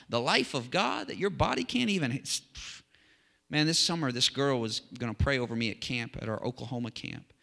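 Bright-voiced preacher man in a reverberant hall. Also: a little high. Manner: chatty and animated, with frequent asides and restarts. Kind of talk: casual conversational sermon.

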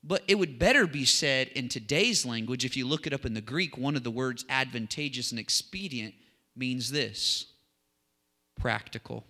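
A man preaching a sermon as a pastor, talking with rising animated excitement. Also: mid-range voice, moderate pace. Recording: long hall reverb.

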